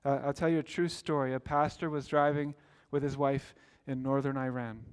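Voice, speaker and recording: A man's voice: medium pitch, steady tone, moderate pace, clean tone. A man preaching a sermon as pastor, earnest and storytelling, building to emphatic exclamations.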